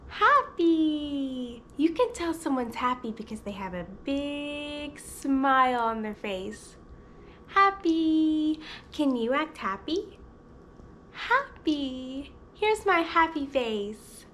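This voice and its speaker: A woman's voice: high voice, a bit bright, slight background noise. A woman who hosts videos as a speech therapist, teaching toddlers in an exaggerated sing-song voice with lots of gasps.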